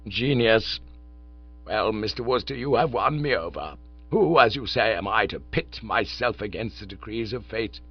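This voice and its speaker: A man reading an audiobook, voicing an elderly, sentimental lord who speaks in a low, measured and solemn way. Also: expressive, breathy edge, highs cut off. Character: elderly pompous lord, sentimental, slow and grave. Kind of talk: audiobook character voice.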